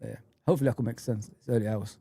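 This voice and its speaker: This man's medium-pitched voice is dark with a breathy edge, fairly even in intonation and delivered very fast, with no echo. Hosting a football fan livestream, he rants angrily, swears a lot and repeats himself, then chats with viewers.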